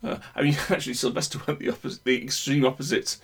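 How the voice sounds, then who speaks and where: A man's voice: mid-range voice, fast, vocal fry, slightly rough. Chatty man with a northern English accent. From Northern England. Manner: opinionated, rambling with many restarts. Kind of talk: casual chat.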